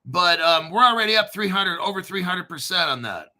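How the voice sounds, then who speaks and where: A man hosting a casual crypto show, rambling, clearing his throat often and swearing offhandedly. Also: high-pitched, lively intonation, brisk, pushed and bright. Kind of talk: casual commentary to camera.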